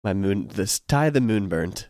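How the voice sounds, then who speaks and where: A man's voice: fairly low pitch, expressive, unhurried, a little mellow, dry recording, studio quality. A man co-hosting a podcast in casual chat, playful and jokey, acting out silly voices. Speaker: podcast co-host.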